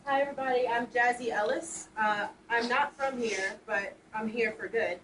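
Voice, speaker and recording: A woman in her twenties, a high school teacher, speaking earnestly and with emotion from the audience. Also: moderate pace, fairly bright tone. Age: 20s. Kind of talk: audience comment at panel. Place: community bookstore room. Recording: echoey room, distant mic, noticeable noise.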